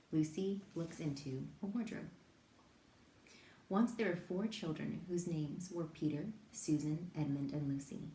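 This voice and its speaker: A woman reads a children's novel aloud in a low, mellow voice, gentle and lively as she tells the story. The room around her has a noticeable echo, with a faint hiss underneath. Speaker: reader.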